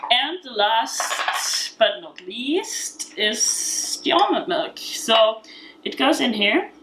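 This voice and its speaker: A woman with an Austrian accent gives a relaxed, chatty cooking demo in her home kitchen, full of fillers and frequent laughter. Her slightly high voice swings widely in pitch and moves very slowly, with background noise audible.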